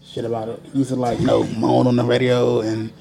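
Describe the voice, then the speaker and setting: A man's voice: mid-range voice, completely flat delivery, brisk, creaky, warm tone. Rambling man from DC. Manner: rambling, frequent fillers, casual swearing. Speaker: podcast co-host. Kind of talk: casual chat.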